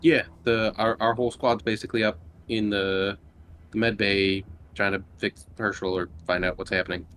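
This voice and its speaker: A man's voice: lowish voice, little pitch movement, normal speed, a bit bright, a little hiss or hum. A man speaking casually as a player in a tabletop game, hesitant and swearing.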